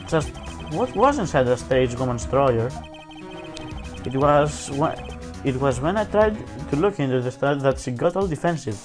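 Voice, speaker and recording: A man reading a courtroom video game's dialogue aloud, casual and self-mocking, peppering it with "dude" and "like". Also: medium pitch. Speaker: let's play commentator. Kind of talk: reading game dialogue aloud with jokey asides.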